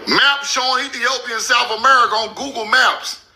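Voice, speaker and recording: A man hosting a casual commentary over maps, loud and incredulous, laughing and swearing, stretching out words slowly for emphasis. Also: very high-pitched, noisy background. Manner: slow, drawn-out emphasis on names. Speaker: host.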